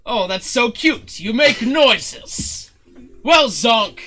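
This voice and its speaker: A man's voice: very high voice, animated, drawn-out words, sharp tone, voice pushed up, full character voice. A man voicing a pompous male showman who speaks with grandiose, patronizing politeness. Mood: condescending.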